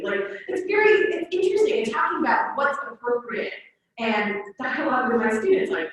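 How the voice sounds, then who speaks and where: High, bright woman teacher presenting. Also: a little fast. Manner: animated, acts out quoted voices. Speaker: Latin teacher presenting at a conference. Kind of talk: conference presentation. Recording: echoey room, far from the mic.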